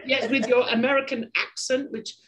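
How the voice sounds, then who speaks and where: A woman's voice: sits high, steady tone, moderate pace, fairly bright tone, poor audio. A woman with an English accent hosting a podcast interview, chatty and digressive, laughing easily. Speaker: podcast host. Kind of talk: casual interview chat.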